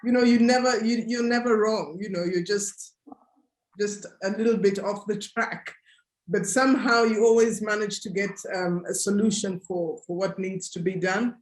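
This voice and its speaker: A woman's voice: mid-range voice, fairly even intonation, moderate pace, roomy sound. A woman cocoa grower answering earnestly on a webinar panel over a video call, thinking aloud as she goes.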